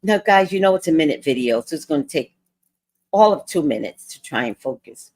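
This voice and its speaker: A woman hosting a casual livestream, telling an animated story and acting out other people's lines in voices. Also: low-pitched, brisk, dry recording. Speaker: vlog host.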